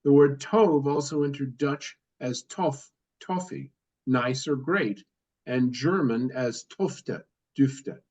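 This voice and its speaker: A man reading a text aloud in a study session, steady with occasional stumbles and self-corrections. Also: mid-range voice, slow pace. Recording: dull lo-fi audio.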